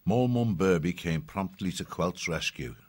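Audiobook narrator: man with a very low voice, dry close recording, measured delivery. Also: lively intonation, dry recording. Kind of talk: scripted storybook narration.

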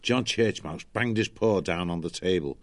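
Male narrator, deep, even, measured storybook reading. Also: no room sound.

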